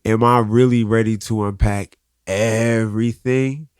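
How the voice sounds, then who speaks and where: A man's voice: fairly low pitch, fairly even intonation, a little mellow, clear, resonant tone, no room sound, clean studio sound. A man speaking as a podcast guest in a candid, earnest way, often restarting his sentences. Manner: earnest, open, halting restarts. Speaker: guest artist. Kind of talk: candid conversational interview.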